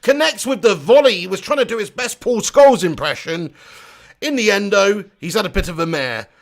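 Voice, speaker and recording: A young man hosting a live football watch-along, chatty and excitable, reading chat messages and swearing casually. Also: high-pitched, a little fast, vocal fry.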